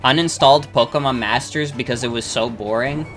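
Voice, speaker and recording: Young adult streamer, bright edgy tone, rambling and sweary, faint game music behind. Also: medium pitch, brisk. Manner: rambling, filler-heavy, swears freely. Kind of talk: casual chat while gaming, reading chat.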